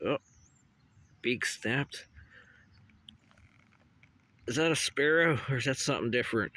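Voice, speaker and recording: A man's voice: mid-range voice, a little slow, sharp tone, no echo. A man vlogging on a hilltop walk, rambling and swearing casually as he chats to animals and trees, recorded outdoors on a phone. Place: outdoors on a hilltop walking path. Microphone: phone camera.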